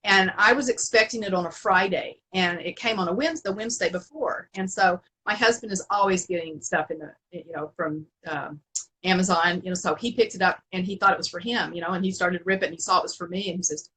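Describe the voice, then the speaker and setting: A middle-aged woman telling stories as an interview guest, animated and laughing often, with many restarts. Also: medium pitch, fast, husky, rough recording. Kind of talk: casual storytelling in an interview.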